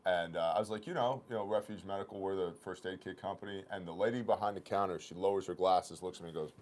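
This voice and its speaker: A man hosting a casual company livestream, chatting and telling stories with animated laughter. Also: low-pitched, fast talker. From Oklahoma. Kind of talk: casual chat and storytelling.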